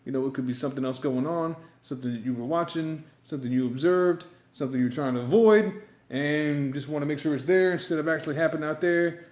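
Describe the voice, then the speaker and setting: A man's voice: a little high, a little mellow. Rambling man in a roomy space. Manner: rambling, packed with "you know" fillers. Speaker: yodeling teacher. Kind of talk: rambling improvised monologue.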